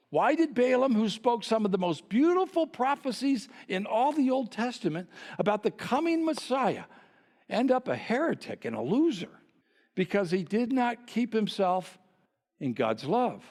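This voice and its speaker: Male pastor mid-sermon, high and animated, teasing rhetorical questions, long reverb of a large hall.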